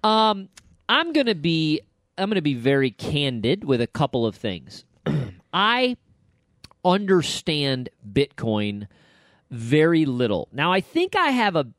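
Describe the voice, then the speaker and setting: A man hosting a casual podcast, rambling and cracking jokes as he goes. His pitch rises and falls a lot. The sound is dry and close, with no room around it. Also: slow pace, no room sound. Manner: animated, rambling, joking. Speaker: podcast host.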